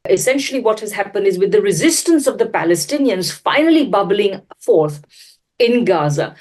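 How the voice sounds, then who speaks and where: A woman giving political analysis in a measured, explanatory way. She builds her points step by step and sometimes breaks off to restart a sentence. Her pitch sits in the middle for a woman. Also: darkish tone. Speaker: political commentator. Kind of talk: analytical commentary.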